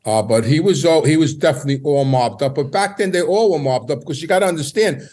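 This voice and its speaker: A man's voice: on the high side, fast talker, a little mellow. Rambling New man telling stories. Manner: meandering, repeats words and restarts. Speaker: podcast guest. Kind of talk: casual storytelling.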